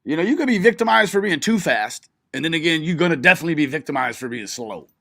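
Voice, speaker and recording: Quick and expressive, a streamer with a somewhat high, gravelly, slightly bright voice heaps profane mockery on the live video he's watching and keeps breaking into laughter. The recording is dry.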